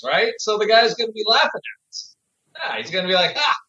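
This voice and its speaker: A man chats casually as a podcast co-host, laughing through his sentences. His voice sits high. The sound is roomy and echoey. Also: animated, fairly quick, sharp tone, muffled recording. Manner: giggly, laughing often. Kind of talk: casual chat.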